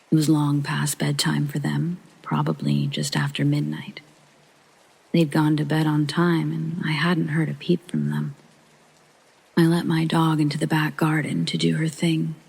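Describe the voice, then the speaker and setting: A channel host reading a true scary story aloud in a hushed sleep-story narration, often half-whispered, with a gravelly, husky voice. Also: mid-range voice, rough recording.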